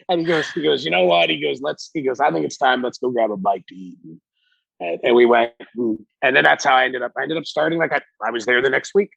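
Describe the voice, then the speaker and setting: A middle-aged man, a podcast guest, telling animated stories with a lot of swearing and acted-out quotes. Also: medium pitch, brisk, vocal fry, slightly rough, dry recording. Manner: animated, profane, acts out quotes. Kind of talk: casual storytelling. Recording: dull lo-fi recording.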